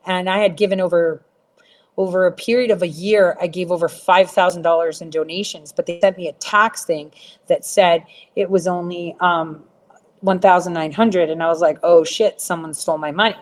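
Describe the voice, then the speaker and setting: A woman's voice: lowish voice, steady tone, moderate pace. A middle-aged woman talking to viewers in a rambling, blunt, profane rant, full of fillers. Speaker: livestream host answering viewers.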